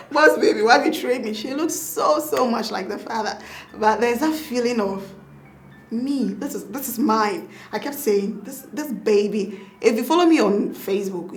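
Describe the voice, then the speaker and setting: A woman with a Ghanaian accent, a doctor and mother, tells her birth story in a casual interview, acting out her own past words with laughter. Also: mid-range voice.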